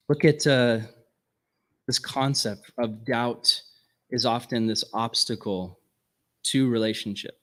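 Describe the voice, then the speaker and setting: Earnest man giving a casual ministry talk. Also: medium pitch. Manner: earnest, casual phrasing with frequent "right?" asides. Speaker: ministry workshop speaker. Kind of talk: conversational teaching talk.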